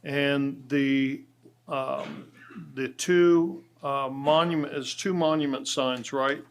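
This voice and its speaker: A man serving as a county commissioner, making a formal motion in a public meeting, pausing often with ums and uhs. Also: mid-range voice, steady tone, clean tone. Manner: hesitant, many ums. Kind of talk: meeting motion, halting with fillers.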